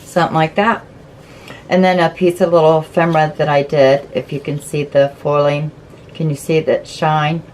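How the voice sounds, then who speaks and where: A woman's voice: deep voice, level tone, moderate pace, darkish tone, a little hiss or hum, poor audio. A woman hosting a casual craft flip-through, chatty and gushing as she explains each step. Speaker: craft channel host.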